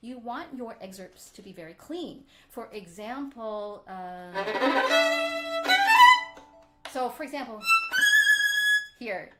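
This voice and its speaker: A woman teaching a violin workshop, talking through bow technique in an animated way and singing out the strokes she demonstrates. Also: medium pitch, slow pace, pauses often, faint music behind. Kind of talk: live online workshop lesson.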